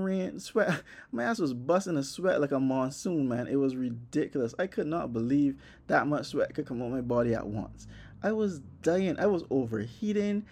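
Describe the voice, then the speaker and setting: A young man telling a comic story about a workout, animated and profane, acting out his own reactions. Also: medium pitch, moderate pace. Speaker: vlogger. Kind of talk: comedic personal storytelling.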